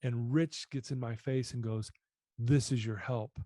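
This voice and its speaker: Guy on a podcast telling his story, earnest, mellow low-key tone, dry close sound. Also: fairly even intonation, measured pace, no room sound. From United States. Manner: earnest, reflective, often drops voice. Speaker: podcast guest. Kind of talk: personal storytelling.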